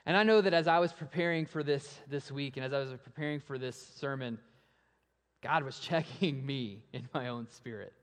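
A man preaching a sermon, asking rhetorical questions that swell and then drop to a hush, and animated when he acts out story voices. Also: medium pitch, moderate pace. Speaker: pastor. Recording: long reverb of a large hall.

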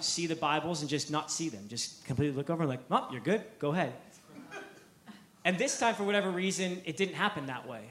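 Energetic male preacher in an echoey church. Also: fairly high pitch, slight background noise. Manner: energetic, repeats words, acts out quotes. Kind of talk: sermon storytelling.

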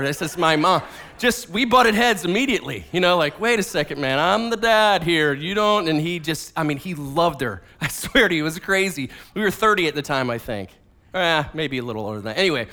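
A man in his forties preaching a casual sermon, telling family stories in a conversational, animated way with many fillers and restarts. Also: high-pitched. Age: 40s. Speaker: pastor.

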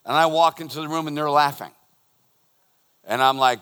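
A middle-aged pastor preaching with a bright, forceful tone that rises and falls from loud emphasis to hushed storytelling. His voice sits a little high for a man. It rings out with the long reverb of a church auditorium. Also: normal speed, smooth. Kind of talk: sermon.

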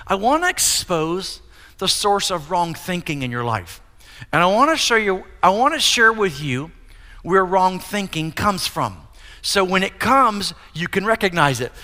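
A man's voice: sits high, very animated, a little slow, sharp tone. A middle-aged man preaching a candid, earnest sermon as pastor of his church, building to emphatic peaks. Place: church sanctuary. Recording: long hall reverb.

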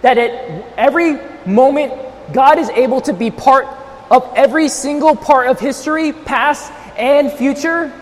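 A male pastor preaching a sermon, switching between loud, near-shouted emphasis and softer, tender passages while straining his voice without a monitor. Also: extremely high pitch, unhurried, big-room sound.

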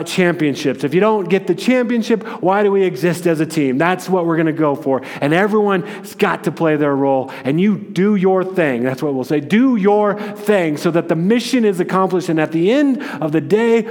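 A male pastor preaching a sermon in an energetic, emphatic way, often restarting his sentences. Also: a little high. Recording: long hall reverb.

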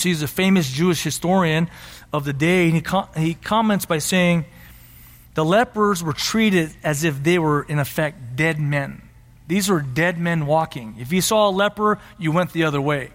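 A man's voice: on the high side, long reverb tail. A man preaching a sermon as pastor, emphatic and repeating his key phrases.

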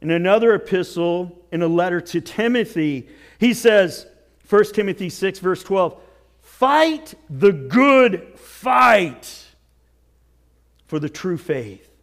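A male pastor preaching a sermon with earnest exhortation, dropping to near whispers and rising to shouts. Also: sits high, expressive, slow pace. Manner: swings from hushed to shouting.

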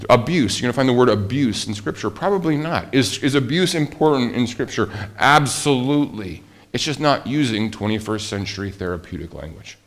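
A man preaching a sermon as pastor. He talks to the congregation conversationally, asks rhetorical questions and drops to a soft, low voice for emphasis. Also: animated, brisk, few pauses.

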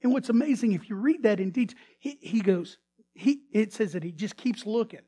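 A male pastor with a high voice preaches a sermon a little fast, retelling a story dramatically. He often restarts or repeats words, swinging between loud emphasis and hushed tones.

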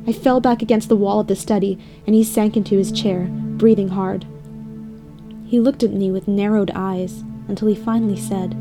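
A woman narrates a dark first-person story in a dramatic, emotionally charged reading, over a clear music bed. Her voice sits in a steady middle register. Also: medium pitch, normal speed.

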